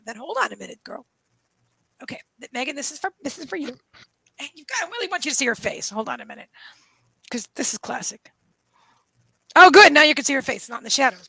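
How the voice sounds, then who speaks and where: A woman hosts a casual livestream from her home, her high, swooping voice bright and a little gravelly. She gushes and talks to her dogs in an excited, chatty way, and the sound is close and dry. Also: no echo. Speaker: host of a live psychic reading stream. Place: room at home, indoors. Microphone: camera setup lit by a ring light.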